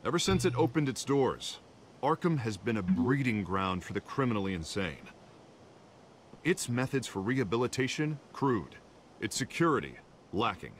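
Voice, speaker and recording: A genial district attorney. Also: male voice, medium pitch, very animated, moderate pace, slight background noise. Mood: formal. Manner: friendly, joking, then formal speech. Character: easygoing male district attorney at a podium.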